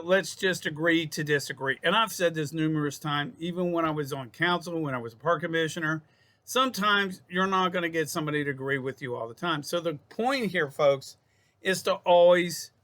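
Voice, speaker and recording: A man with a fairly high, bright voice talks to his viewers like a psychologist giving self-help advice. He rambles and loops back over his phrases, restarts words, and calls the audience folks. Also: brisk. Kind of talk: casual self-help talk to camera.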